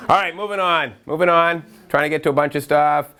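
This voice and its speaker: Lively middle-aged man giving a workshop talk. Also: on the high side. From Massachusetts, USA. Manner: lively storyteller who acts out quotes and breaks into chanting; talks in quick bursts with self-interruptions. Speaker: workshop speaker for educators. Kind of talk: energetic training talk to an audience.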